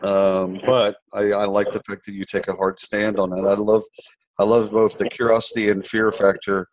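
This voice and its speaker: A man's voice: lowish voice, flat delivery, normal speed, dry recording, poor audio. A man in his forties hosting an interview, asking thoughtful questions with frequent hesitations and fillers. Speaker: interview host.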